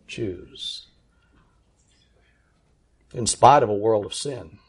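Delivering a sermon, a man with a mid-range voice speaks earnestly and with emphasis, easing his pace to land the key words.

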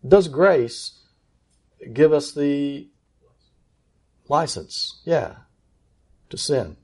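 A man preaching a sermon in an earnest, emphatic way, slowing down to stress key words. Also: fairly high pitch, expressive, darkish tone.

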